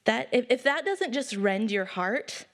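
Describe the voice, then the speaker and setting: A woman's voice: a little high, lively intonation. Tender, tearful woman preaching. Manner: tender, emotional, near tears; conversational with quick acted asides. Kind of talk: sermon. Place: church service.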